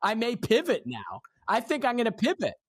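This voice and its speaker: A man's voice: extremely high pitch, huge pitch swings, moderate pace, slightly rough, no room sound, clean studio sound. A young man hosting a casual podcast, talking bluntly and swearing freely. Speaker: podcast host. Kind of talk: casual chat.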